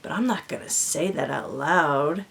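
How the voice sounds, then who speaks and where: A woman's voice: sits low, a little slow, gravelly, a bit bright. A young woman chatting casually in a doll vlog, rambling with lots of fillers and sometimes dropping to a whisper. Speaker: doll vlogger. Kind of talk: casual chat.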